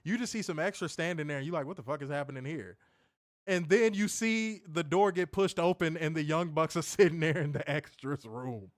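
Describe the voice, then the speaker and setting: A young man casually reviewing a wrestling show, excitable and slangy, laughing often and repeating phrases. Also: on the high side, fairly quick, dry recording, studio quality. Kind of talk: casual live-stream commentary reading chat.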